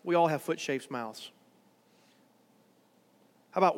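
Bright high-voiced male preacher in a hall. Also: moderate pace, pauses often. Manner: conversational preaching, rising to emphatic. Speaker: pastor. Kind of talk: sermon. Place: church worship center.

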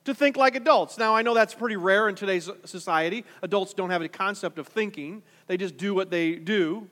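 A man's voice: high-pitched, brisk, fairly bright tone, long reverb tail. A male pastor preaching a conversational sermon, full of rhetorical questions and repeated restarts.

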